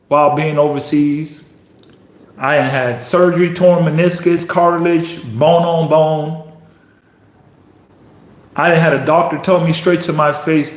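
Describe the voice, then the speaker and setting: Man, young adult, pro basketball player, motivational speech, fairly high voice, roomy echo. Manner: intense, repetitive, builds to emphatic peaks. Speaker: professional basketball player giving motivational talk. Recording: echoey room.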